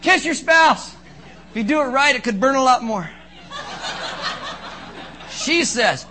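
A man preaching a sermon as pastor, joking and animated, acting out little asides for his congregation. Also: very high-pitched, slow pace, pauses often.

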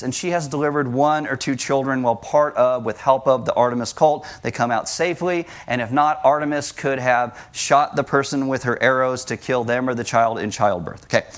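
Man preaching with rhetorical questions. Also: medium pitch. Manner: explanatory, rhetorical questions, emphatic repetition. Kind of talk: sermon teaching.

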